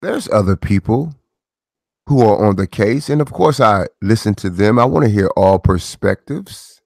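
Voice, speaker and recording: A man's voice: fairly low pitch, lively intonation, moderate pace, gravelly, darkish tone, no room sound, clean studio sound. A middle-aged man hosting his own commentary channel, talking in a preachy way with rhetorical questions and repeated phrases. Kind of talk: casual commentary monologue.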